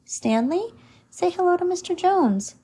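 A woman reading aloud and giving a gentle voice to a proper, fussing mother. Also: extremely high pitch, animated, a little slow, voice pushed up. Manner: polite, fussing. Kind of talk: storybook read-aloud.

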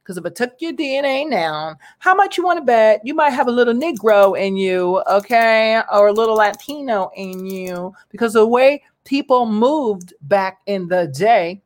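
Animated, slangy vlogger ranting to viewers. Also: normal speed, hardly any pauses. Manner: animated, slangy and exclamatory, with big pitch jumps; rambling, with fillers and asides to viewers. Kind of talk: casual opinion monologue.

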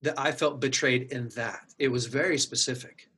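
A husky, middle-aged man speaks in an earnest, candid way, sharing a painful personal story. His voice sits at an ordinary pitch with a breathy edge. He acts out the things he said to himself as he tells it. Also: moderate pace, sharp tone. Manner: earnest, emotional, acts out his inner dialogue.

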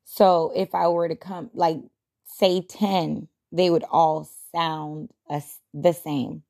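A woman's voice: low voice, flat delivery, takes it slowly, vocal fry, a little mellow. A young adult woman hosting a podcast, talking casually and reflectively, chatty and self-deprecating with frequent laughs. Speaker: podcast host.

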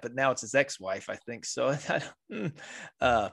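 A man's voice: mid-range voice, expressive, moderate pace, vocal fry. A man in his thirties hosting a podcast, chatting casually and laughing at his own jokes. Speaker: podcast host.

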